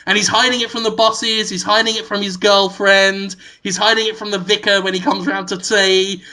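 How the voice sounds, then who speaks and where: A man co-hosting a podcast, spinning a long comic movie pitch that wanders as he goes. His voice is bright and forward, and he keeps breaking into laughter at his own ideas. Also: level tone, moderate pace. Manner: rambling storytelling, laughing at own jokes. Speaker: podcast co-host.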